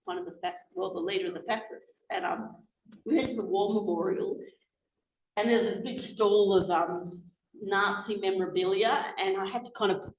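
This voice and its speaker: A woman's voice: mid-range voice, expressive, fairly quick, slight background noise. Passionate woman in an echoey hall. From Australia. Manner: passionate, emphatic. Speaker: guest speaker. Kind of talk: public talk with slides. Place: meeting hall.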